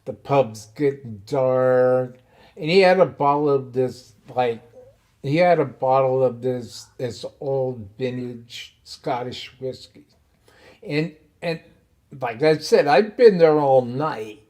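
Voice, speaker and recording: A man hosting a podcast, telling a personal story in a casual, animated way and laughing often. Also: mid-range voice, slow. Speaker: podcast host.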